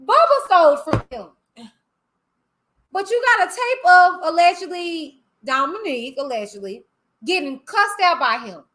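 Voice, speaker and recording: A woman's voice: extremely high pitch, very animated, measured pace, fairly bright tone. A woman hosting a live stream, talking bluntly and animatedly in casual commentary. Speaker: livestream host.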